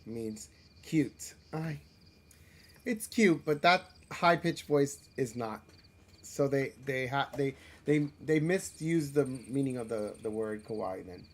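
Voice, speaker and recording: A man chats casually through a live game stream at an ordinary middle pitch. He rambles and runs himself down, stumbling over restarts and fillers as he talks. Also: animated, slow pace. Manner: chatty, rambling and self-deprecating; frequent restarts and filler words. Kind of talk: casual live gameplay commentary.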